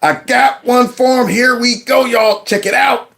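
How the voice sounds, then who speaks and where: A man hosting his own channel, reacting to news clips with animated, mocking commentary and talking back to the speakers. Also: extremely high pitch, measured pace, vocal fry, background noise.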